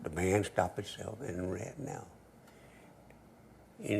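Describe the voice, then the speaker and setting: A man's voice: low-pitched, slow pace, gravelly, pauses often, darkish tone, slightly rough. An older man hosting a cooking show, talking easygoing and joking as he cooks and tells stories. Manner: easygoing, joking, dialect grammar. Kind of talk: folksy cooking demonstration with storytelling.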